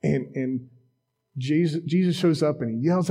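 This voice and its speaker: A man's voice: on the high side, a little slow, warm tone, breathy edge. A man preaching a casual, conversational sermon in a church, with self-deprecating asides and acted-out quotes. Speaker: pastor.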